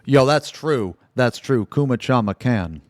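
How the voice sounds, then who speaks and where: An American man hosting a casual interview over a call, excitable and cursing often. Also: medium pitch, a little slow, no room sound, clean studio sound. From United States. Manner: profane, excitable, swears often. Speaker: interviewer, host.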